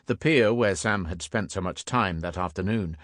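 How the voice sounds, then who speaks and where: A man reading a historical thriller audiobook in a measured, even storytelling voice. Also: low voice, dry recording, clean studio sound. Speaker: audiobook narrator. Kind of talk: scripted audiobook narration.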